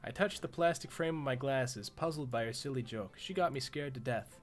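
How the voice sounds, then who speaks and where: A man's voice: medium pitch, normal speed, faint music behind. A man live-streaming a horror visual novel, reading the narration aloud and breaking off for profane, jokey reactions.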